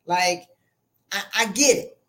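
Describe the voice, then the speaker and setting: A woman hosting a motivational podcast, talking blunt and colloquial, calling her listeners "sis" and swinging her voice high and low for emphasis. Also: slow pace. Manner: animated, sassy and blunt, with wide swings in pitch and loudness. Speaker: podcast host and life coach. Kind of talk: motivational monologue.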